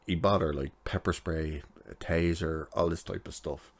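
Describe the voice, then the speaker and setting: A man's voice: low voice, fairly even intonation, normal speed. A man giving a chatty, sarcastic recap of a TV episode, laughing at his own jokes. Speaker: TV episode reviewer.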